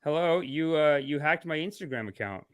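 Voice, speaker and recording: A man with a fairly high voice hosts a comedic live stream. He swings between hushed, mock-serene calm and loud, excited outbursts. He laughs often as he jokes with his viewers. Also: moderate pace, clear, resonant tone. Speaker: livestream host.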